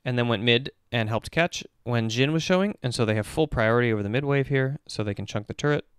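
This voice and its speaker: A man who works as an esports performance coach gives casual, animated commentary as he breaks down a game replay step by step. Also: medium pitch, fast, clean tone, dry recording, clean studio sound.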